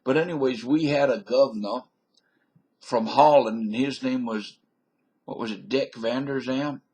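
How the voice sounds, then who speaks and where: A man's voice: medium pitch, unhurried, darkish tone, breathy edge. A man from British Columbia giving a folksy, digressive comic monologue into a webcam, with mock-learned asides. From British Columbia, Canada.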